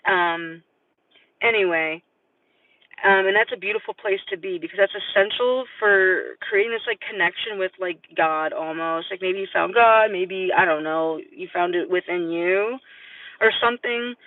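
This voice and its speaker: A tarot reader, a man with a high voice, gives a live-stream reading at normal speed, rambling and hesitant with many fillers. The recording is dry yet sounds distant and tinny, like a phone.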